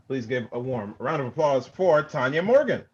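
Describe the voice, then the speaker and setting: A man's voice: mid-range voice, moderate pace, highs cut off, heavy background noise. A man hosting an online comedy show, introducing comedians with upbeat cheering. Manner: upbeat, cheering, lively emcee. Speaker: show host.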